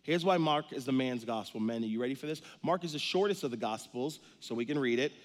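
A man in his thirties, a pastor giving an energetic, joking sermon with many stories. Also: medium pitch, fast, big-room sound.

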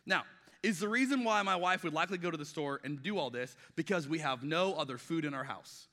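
Middle-aged male pastor, bright forceful delivery, chatty sermon style, echoing church hall. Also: on the high side, expressive, brisk. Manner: conversational, acts out quoted dialogue, frequent restarts. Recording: long reverb of a large hall.

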